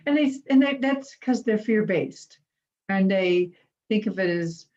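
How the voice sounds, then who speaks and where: A woman's voice: medium pitch, unhurried, a little mellow, muffled recording. A woman giving a conversational inspirational talk, a chatty and humorous storyteller. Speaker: inspirational speaker at a spiritual center.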